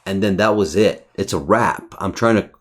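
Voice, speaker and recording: A man's voice: sits low, normal speed. A man reviewing his day's trades over a chart in casual, profane, brash talk. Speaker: trading educator.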